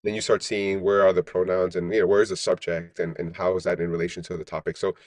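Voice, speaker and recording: A man's voice: sits low, little pitch movement, fast, a little mellow, no echo. A man, a startup founder, talking as a guest in a casual podcast interview, rambling with many restarts and "right?" tags.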